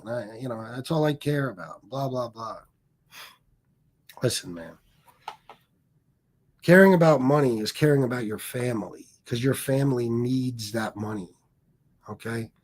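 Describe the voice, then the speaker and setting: A man's voice: a little high, a little mellow. A middle-aged man hosting a livestream, talking in a defensive, rambling, profane way. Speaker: livestream host. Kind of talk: casual livestream monologue.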